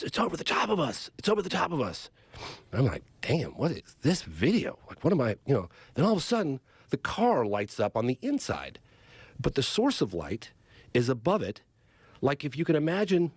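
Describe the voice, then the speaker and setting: Man, middle-aged, podcast guest, animated storyteller, lively pitch, dry studio sound. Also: moderate pace, no room sound. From Northern California. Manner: vivid, excited retelling with acted-out quotes. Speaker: podcast guest, documentary filmmaker. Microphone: studio podcast mic.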